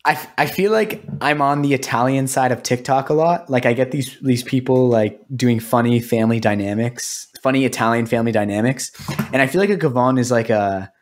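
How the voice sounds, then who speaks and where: Man co-hosting, slow and hesitant. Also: medium pitch. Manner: hesitant, drawn-out, many "um"s. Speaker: podcast co-host. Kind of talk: casual chat.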